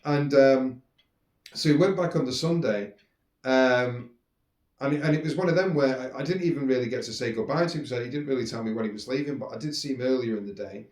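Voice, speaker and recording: A man, casually telling personal stories in a rambling, animated way, with some swearing. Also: mid-range voice, fairly quick. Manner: rambling, animated, swears, acts out quoted speech. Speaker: podcast host. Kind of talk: casual storytelling monologue. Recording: roomy echo.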